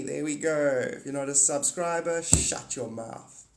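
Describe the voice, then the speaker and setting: A man's voice: on the high side, unhurried, gravelly, echoey room. A man hosting a casual livestream, talking to viewers in a rambling, blunt and profane way. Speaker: livestream host.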